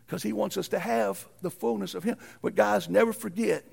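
Gravelly preacher man with a high voice. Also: steady tone, fairly quick. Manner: preaching with sudden loud shouted peaks and hushed drops; folksy, uses ain't and y'all. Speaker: pastor. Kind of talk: sermon.

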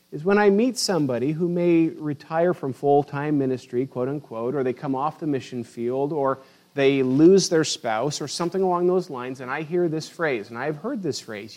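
Earnest preaching man, higher voice. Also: lively intonation, normal speed, darkish tone. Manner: earnest, conversational preaching with restarts. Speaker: pastor. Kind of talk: sermon. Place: church sanctuary.

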